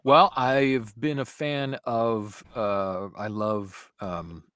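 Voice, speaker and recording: Lively, low-voiced man being interviewed. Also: drawn-out words, no echo. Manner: animated and playful, jumping between loud bursts and soft asides. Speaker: guest voice actor. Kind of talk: casual podcast interview chat.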